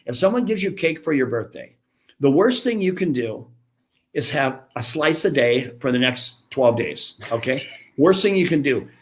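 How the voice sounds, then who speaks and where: A man's voice: medium pitch, animated, normal speed. A man in his fifties, a business founder telling blunt, chatty, self-mocking stories as a podcast guest. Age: 50s. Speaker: gym franchise founder, guest. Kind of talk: casual podcast interview.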